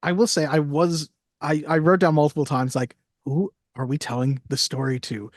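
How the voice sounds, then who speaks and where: Guy cohosting a movie podcast, jokey and wry, a bit higher voice, dry close sound. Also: steady tone, moderate pace, dry recording. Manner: wry, jokey, quotes lines in little voices. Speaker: podcast co-host. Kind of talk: casual chat.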